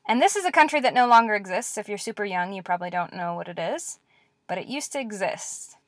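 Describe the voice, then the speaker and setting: A woman teaching a lecture-style language lesson, repeating words slowly and clearly with patient encouragement. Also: mid-range voice, lively intonation, dry recording, studio quality.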